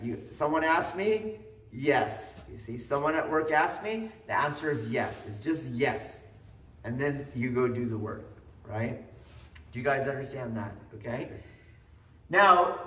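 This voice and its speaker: A male aikido instructor talks informally to his class in a blunt, profane way. He keeps asking whether they see his point. His fairly high voice sounds echoey and far from the mic in a training hall. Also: a bit bright. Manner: checks in constantly with "do you see?". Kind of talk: informal talk to students. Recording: roomy echo, distant mic.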